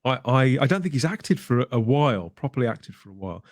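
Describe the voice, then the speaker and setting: A man talking in a casual podcast discussion, enthusiastic and emphatic, stumbling and repeating words as he gets excited. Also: mid-range voice, quick pace, dry recording. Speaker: guest podcaster.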